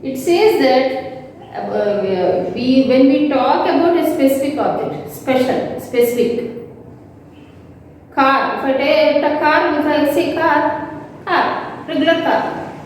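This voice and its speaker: Slow, high-voiced teacher in an echoey hall. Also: female voice, darkish tone, a little hiss or hum. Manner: slow, repetitive explaining with frequent checks. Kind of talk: online classroom lesson. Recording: echoey hall, mic at a distance.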